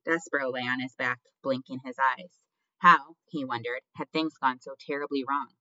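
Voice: mid-range voice, steady tone, moderate pace, sharp tone, no echo. A narrator reading a storybook aloud expressively, speaking directly to the reader. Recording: dull lo-fi dry recording.

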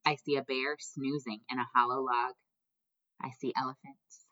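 A woman reads a storybook aloud in a low voice with a bright edge. Her delivery is measured and gently expressive, and the recording sounds slightly muffled. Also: no room sound. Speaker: audiobook narrator. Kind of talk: scripted narration.

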